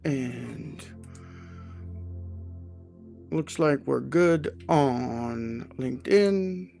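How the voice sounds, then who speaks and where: Slow, gravelly-voiced man chatting live. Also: medium pitch, warm tone, soft background music. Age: 40s. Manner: rambling, self-deprecating and joking. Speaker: livestream host, HR consultant. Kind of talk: casual live-stream chat.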